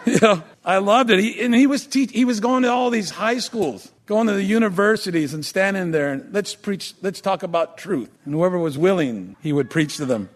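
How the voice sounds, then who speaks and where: A pastor giving a funeral eulogy, telling stories in an animated, chatty way full of "you know". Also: male voice, high voice, a little fast, few pauses.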